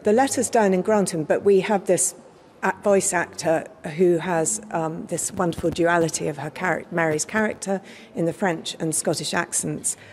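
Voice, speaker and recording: A woman historian guides visitors around an exhibit, eager and knowledgeable. Her voice sits on the low side for a woman. A faint hum of the gallery sits underneath. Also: fairly even intonation, normal speed, darkish tone. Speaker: museum historian. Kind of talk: explaining exhibits. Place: museum gallery, indoors.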